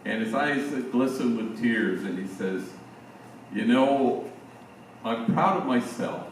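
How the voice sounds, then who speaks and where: A man in his sixties, a priest, telling stories to a room of teachers in a relaxed, conversational way with slangy asides. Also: mid-range voice, slow, a little hiss or hum. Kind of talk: storytelling talk to teachers. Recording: echoey hall, distant mic.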